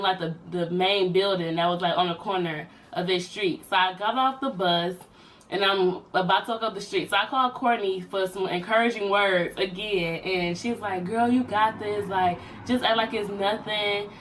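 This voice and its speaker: A young woman, telling a personal story in a casual vlog and jumping up high for quoted voices. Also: a bit bright, distant mic, poor audio. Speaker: vlogger.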